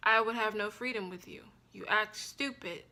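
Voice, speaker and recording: Bright-voiced young woman telling a story. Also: medium pitch, normal speed. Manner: frank, blunt and profane; animated and expressive retelling. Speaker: vlogger. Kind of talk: casual storytime vlog.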